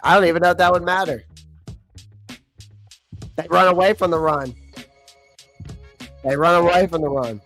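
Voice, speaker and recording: A man's voice: a little high, steady tone, normal speed, long pauses, a bit bright, soft background music. A young man hosting a casual livestream, blunt and frustrated, laughing often, and losing his voice. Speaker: livestream host.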